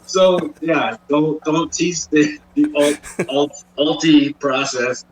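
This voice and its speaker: A man's voice: on the high side, takes it slowly, husky, recorded from a distance, low-quality recording. A man who is a guest on a casual photography chat, often repeating words as he thinks aloud. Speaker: podcast guest.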